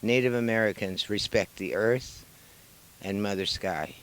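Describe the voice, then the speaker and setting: A woman's voice: a bass voice, a little slow, noisy background. A woman from New Mexico, founder of a wolf sanctuary, giving an earnest, emotional guided tour outdoors. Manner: emotional, earnest, talks fondly to the wolves. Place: outdoors at animal enclosures.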